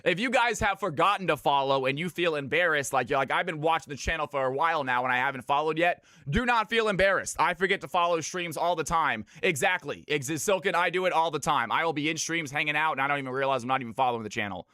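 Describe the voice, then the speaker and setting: A man's voice: fairly high pitch, quick pace, hardly any pauses, pushed and bright, no room sound, clean studio sound. A man from California hosting a live game stream, commentating picks and greeting viewers by name in an upbeat way. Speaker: streamer casting viewer games.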